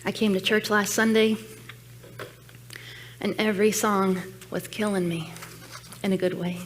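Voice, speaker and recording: A woman's voice: mid-range voice, steady tone, measured pace, a little hiss or hum. A woman giving a personal sermon message at a church, telling her story in an earnest, reflective way. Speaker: guest speaker at church. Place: church sanctuary.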